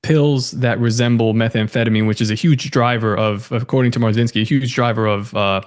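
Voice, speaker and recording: A man who is a podcast guest, retelling a story in a casual, animated way. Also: mid-range voice, fairly quick.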